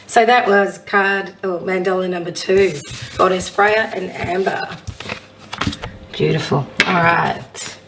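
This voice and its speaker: A woman with a husky voice, a psychic medium giving a casual oracle card reading and reading affirmations aloud. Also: on the low side, steady tone, slow, distant mic, background noise. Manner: chatty, warm-hearted encouragement, reads affirmations aloud.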